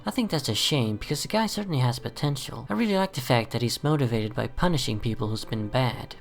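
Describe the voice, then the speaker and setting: A man narrating a scripted video in a steady, measured way, with soft music playing behind him. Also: mid-range voice. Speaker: video host.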